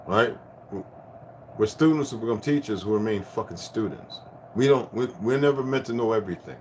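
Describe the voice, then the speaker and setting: A man in his fifties giving a rambling spiritual rant to his viewers, profane and preachy, swinging from loud bursts down to hushed tones. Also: lowish voice, lively intonation, fairly quick, a little hiss or hum. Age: 50s. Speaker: vlogger.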